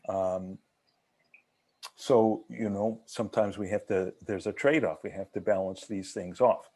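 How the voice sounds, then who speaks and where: A man's voice: fairly low pitch, fairly even intonation, moderate pace, warm tone. A man leading an online haiku workshop, asking questions and teaching in a talkative way with many restarts.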